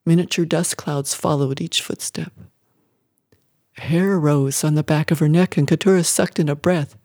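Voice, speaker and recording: A reader narrates a story in a measured, expressive way at a middling pitch. The recording is dry and close, with no room sound. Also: no room sound. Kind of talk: scripted audiobook narration.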